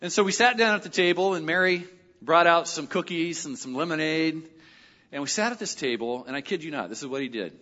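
A middle-aged male pastor telling a personal story in a sermon, animated and lively when he quotes other people. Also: a little high, fairly quick. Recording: dull audio with long hall reverb.

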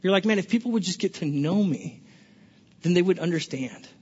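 A man preaching a sermon as a pastor, animated and playful, often stammering and restarting his sentences. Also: high-pitched, brisk, slightly rough. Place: large church hall. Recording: dull lo-fi recording with long hall reverb.

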